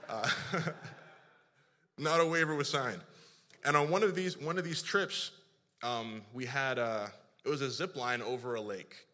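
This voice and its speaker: A man from Africa, telling an animated, self-deprecating story in a sermon, full of restarts. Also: medium pitch, a little slow, pauses often. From South Africa. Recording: reverberant hall.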